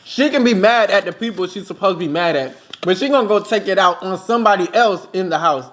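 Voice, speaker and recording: Young male host, high-pitched, animated and laughing as he spins a story over food. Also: fast talker. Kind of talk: casual storytelling mukbang chat.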